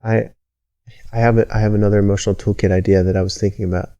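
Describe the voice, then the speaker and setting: A man with a low, mellow voice hosts a casual podcast chat. He rambles, swears and stumbles over restarts, sometimes acting out motivational pep talks. The sound is dry and close. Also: level tone, quick pace, smooth, no echo. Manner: rambling, profane, restarts a lot, acts out pep-talk voices. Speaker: podcast host.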